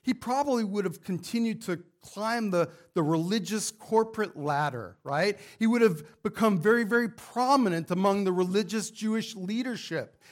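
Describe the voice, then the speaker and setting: A man's voice: high-pitched, moderate pace, hardly any pauses. A male pastor preaching a fervent sermon to his congregation, building to emphatic rhetorical questions. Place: church sanctuary with congregation.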